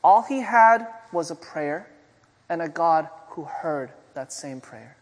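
High-voiced preacher in a reverberant hall. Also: male voice, lively intonation, slow. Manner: conversational preaching with rhetorical questions. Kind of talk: sermon.

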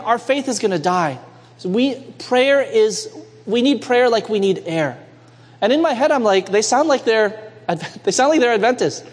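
A young man from Canada preaches to his congregation with a high, bright voice. He tells his story in a lively way and asks them for amens. Long reverb from the church hall follows his words. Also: breathy edge. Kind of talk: sermon storytelling. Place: church sanctuary.

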